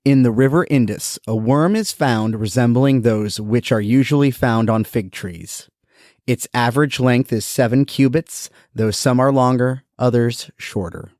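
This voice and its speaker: Deep, grave old male scholar voiced by a woman, formal reading, dry and a touch distant. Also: unhurried, darkish tone, no echo. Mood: solemn. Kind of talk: dramatic reading of an old text.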